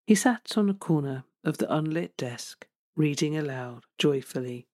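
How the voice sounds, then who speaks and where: A woman reading a literary novel aloud as audiobook narration, in a slow, measured way. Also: low voice, lively intonation, darkish tone, no echo, studio quality. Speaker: audiobook reader.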